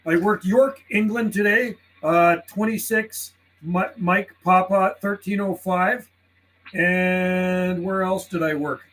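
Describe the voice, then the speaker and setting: A man live-streaming from his home radio desk, chatting casually with viewers and calling out to other radio stations in a relaxed, friendly way. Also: sits high, slow pace, poor audio. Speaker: CB radio livestreamer. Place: warm house indoors.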